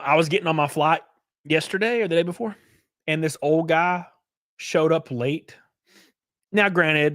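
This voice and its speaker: A man's voice: fairly high pitch, no echo, clean studio sound. A man hosting his livestream, ranting casually and profanely while mimicking people in mocking voices. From United States. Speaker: streamer host.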